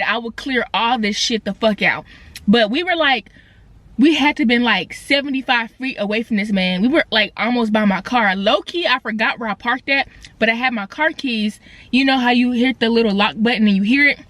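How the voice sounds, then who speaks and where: A young woman vlogger telling a casual storytime rant, animated and slangy, with quick asides and swings between loud and quiet. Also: fairly high pitch, no room sound. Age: young adult. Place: indoors, in her car. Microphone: phone camera.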